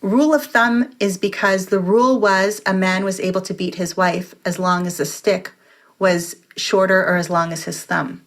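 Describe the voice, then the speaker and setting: A woman's voice: mid-range voice, fairly even intonation, normal speed. A woman guest on a podcast, talking in an earnest, reflective way and explaining her thoughts at length. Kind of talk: conversational interview.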